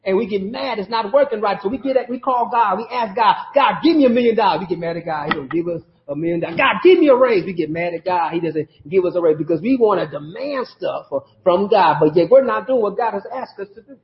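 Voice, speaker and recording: A man preaching a sermon in a conversational style, pausing for call-outs from the congregation. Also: sits high. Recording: roomy, dull lo-fi sermon audio.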